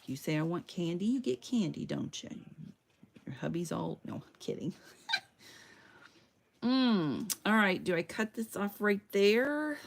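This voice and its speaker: A woman's voice: mid-range voice, very animated, unhurried, gravelly, pauses often, a little hiss or hum. A woman, chatting to viewers and muttering to herself as she crafts in her home loft. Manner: chatty, talks to herself while working. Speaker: crafting livestreamer. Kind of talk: casual crafting chat to viewers.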